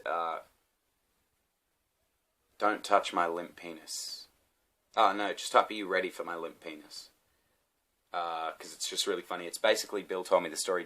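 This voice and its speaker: Australian male vlogger, very deep voice, loose sweary rambling rant. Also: fairly bright tone. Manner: swearing, ranting, rambling with many fillers. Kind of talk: casual rant to camera.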